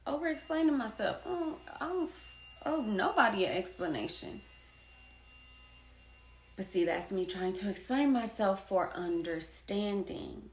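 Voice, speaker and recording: A woman's voice: medium pitch, very animated, unhurried. A woman in her thirties, an artist and poet, telling a personal story in a blunt, profane way and hammering her points with repetition. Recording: echoey room.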